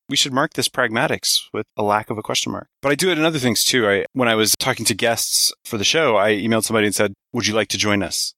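Bright-voiced man hosting a podcast. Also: fairly low pitch, no room sound. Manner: wry, laughs often. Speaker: podcast host. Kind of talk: casual podcast chat.

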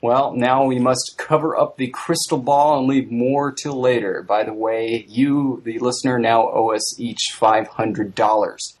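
A man's voice: mid-range voice, moderate pace, hardly any pauses, slightly rough. A man hosting a comedy podcast about language, joking playfully and laughing often. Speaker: podcast host. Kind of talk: playful comic chat.

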